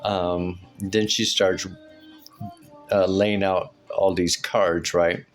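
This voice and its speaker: A man's voice: low voice, level tone, drawn-out words, soft background music. A man casually telling a personal story in a rambling way, full of fillers and "right?" asides. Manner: rambling, with many fillers and tag questions. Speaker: storyteller recounting a personal experience. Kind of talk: casual spoken anecdote.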